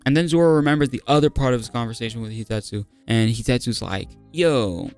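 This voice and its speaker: A young man with a gravelly, rough-edged voice talks through a story recap in loose slang. He sounds hyped, laughs often and keeps throwing in "bro". Faint background music plays beneath him. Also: mid-range voice, quick pace, darkish tone. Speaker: manga review host. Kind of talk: casual slang-heavy recap.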